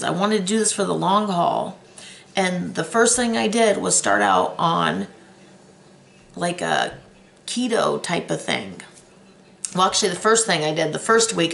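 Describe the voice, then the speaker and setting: A woman's voice: fairly low pitch, gravelly, fairly bright tone. A middle-aged woman telling her own story in a chatty vlog, candid and emotional. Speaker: weight loss vlogger.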